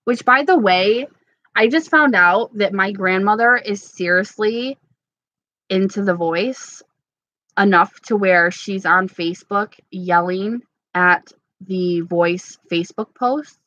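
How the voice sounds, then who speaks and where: A woman's voice: mid-range voice, takes it slowly, pushed and bright, dry recording, lo-fi sound. A woman casually chatting with her viewers, playful and gossipy, laughing often. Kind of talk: casual chat reading live comments.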